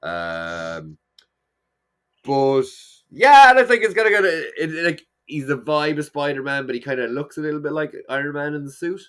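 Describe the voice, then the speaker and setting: A man's voice: fairly high pitch, very animated, moderate pace, fairly bright tone, clear, resonant tone. A man co-hosting a casual podcast chat, rambling and swearing freely as he restarts his sentences. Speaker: podcast co-host.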